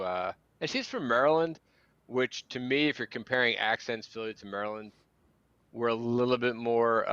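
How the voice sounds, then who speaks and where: A man's voice: medium pitch, fairly bright tone, clean tone, no echo, highs cut off. A man with a Philadelphia accent, chatting easily and telling rambling stories as co-host of a livestream. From Philadelphia area. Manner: rambling, easygoing, storytelling. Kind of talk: casual chat over drinks.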